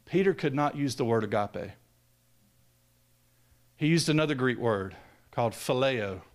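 A man preaching a sermon, swinging from loud raised peaks down to hushed, low lines. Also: lively intonation, a little slow.

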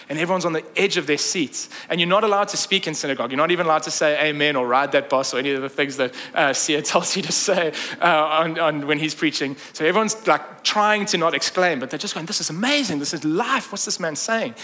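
A man preaching a sermon, retelling a story in a lively, conversational way with jokes and asides. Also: on the high side. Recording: long reverb of a large hall.

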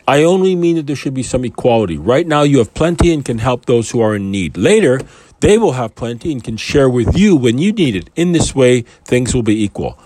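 Man, mid pitch, dry close sound, loose chatty Bible commentary that wanders and restarts. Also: animated, brisk, a little mellow, no echo. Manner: rambling, conversational, restarts and asides. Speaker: Bible teacher. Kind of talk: casual Bible commentary with scripture reading.

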